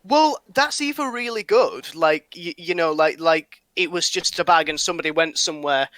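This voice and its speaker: A man's voice: a little high, moderate pace, fairly bright tone, no echo. A young man chatting casually on a podcast, rambling with lots of fillers, restarts and swearing. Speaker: podcast host.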